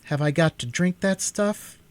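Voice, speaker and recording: A man voicing an anxious, high-pitched young boy. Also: a little slow, natural voice. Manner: pleading and anxious. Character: frightened, rebellious young boy.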